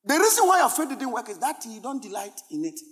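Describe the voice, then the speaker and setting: Ghanaian male pastor, very high lively voice, shouting sermon, echoing church hall. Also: quick pace. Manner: animated, switching between soft asides and shouted exhortations.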